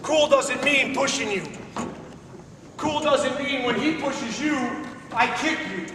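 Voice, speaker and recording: A man's voice: very high voice, slow, noisy background. A man giving a motivational talk to a room of schoolchildren, preachy and emphatic, with streetwise slang and questions thrown at the crowd. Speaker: motivational speaker. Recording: echoey hall recorded from far off.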